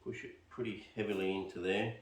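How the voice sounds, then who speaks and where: Potting plants, this Australian man narrates his work in a loose, chatty way, mumbling to himself and poking fun at himself like the bonsai vlogger he is. He speaks fairly quickly in a lowish, fairly even voice. Slight background noise sits under a roomy, distant-mic recording.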